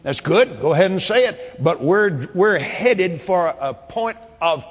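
An older man preaching a sermon, quoting scripture and telling a testimony, at times shouting praise. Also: high voice, lively intonation, measured pace, husky, big-room sound.

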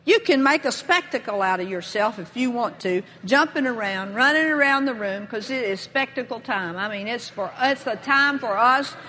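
Bright-voiced woman preaching in a hall. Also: a little high, expressive, moderate pace, few pauses, a little hiss or hum. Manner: bold, rising into emphatic proclamation. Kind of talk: sermon. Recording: long reverb of a large hall.

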